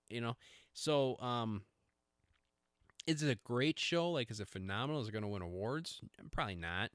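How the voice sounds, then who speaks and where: A man's voice: medium pitch, animated, a little fast, a bit bright, clean tone, no room sound, studio quality. A middle-aged man hosting a podcast, talking in a rambling, self-interrupting, jokey way. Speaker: podcast host. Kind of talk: casual rambling monologue.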